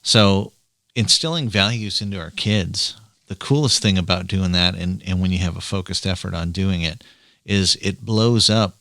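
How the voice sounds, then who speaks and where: A man's voice: deep voice, normal speed, fairly bright tone, no room sound, studio quality. A man hosting a podcast, a chatty storyteller talking casually about fatherhood. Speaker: podcast host, father of three girls. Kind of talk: casual chat.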